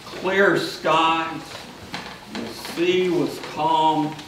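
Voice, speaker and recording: A priest, a man, tells his story from the pulpit at a slow, unhurried pace. He is picked up from far off in a large church, with a deep echo around his voice and a faint hum of room noise behind. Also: steady tone. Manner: storytelling, shouting out the lines of people in the story. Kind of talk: sermon.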